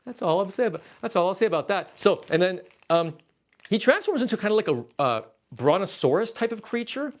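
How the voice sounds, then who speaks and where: A man's voice: high-pitched, fairly quick. A man from Canada hosting a casual livestream, reading viewer chat aloud and rambling playfully as he packs up his collection. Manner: rambling, playful, easily excited. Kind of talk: casual livestream chat while packing toys.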